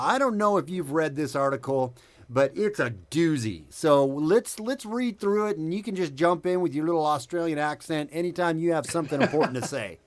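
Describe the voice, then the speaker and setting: Male show host, a bit high-voiced, sarcastic rambler who trips over his words. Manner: rambling, sarcastic, stumbling restarts. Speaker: podcast host. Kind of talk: casual commentary rant.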